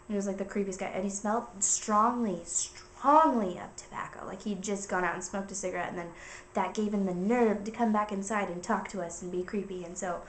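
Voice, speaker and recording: A woman's voice: mid-range voice, slight background noise. A young woman vlogging from home, telling a long story in a rambling, filler-heavy way. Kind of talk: casual chat. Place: indoors at home. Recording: roomy echo.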